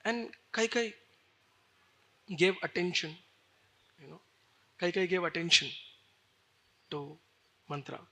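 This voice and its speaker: Bright-voiced storyteller preacher. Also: male voice, high voice, takes it slowly, gravelly, pauses often. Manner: animated, chatty, says "you know" often. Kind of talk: devotional storytelling sermon.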